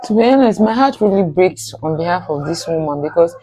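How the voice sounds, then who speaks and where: A woman's voice: lowish voice, lively intonation, brisk, few pauses, dark tone, slightly rough. A woman hosting a reaction video, commenting sympathetically and exclaiming at what she hears.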